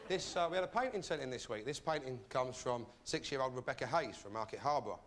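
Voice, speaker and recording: A man hosting a comedy show, delivering a sardonic stand-up monologue with deadpan, mock-rude asides. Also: mid-range voice, quick pace, heavy background noise.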